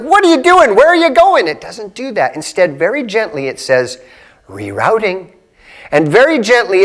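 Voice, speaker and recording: Earnest high-voiced man giving a devotional. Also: fairly bright tone. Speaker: ministry leader. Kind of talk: short devotional talk.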